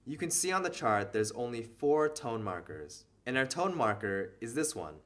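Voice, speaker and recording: A man's voice: medium pitch, very animated, normal speed, a bit bright. A man patiently explaining a beginner reading lesson step by step, as the teacher of a language video series.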